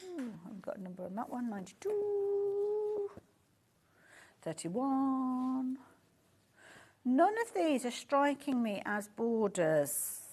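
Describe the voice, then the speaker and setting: A woman's voice: a little high, very animated, normal speed, few pauses, darkish tone, slightly rough. A woman with a Birmingham accent presenting fabric on a live shopping show, chatty and gushing and easily sidetracked, speaking from a studio. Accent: Birmingham English.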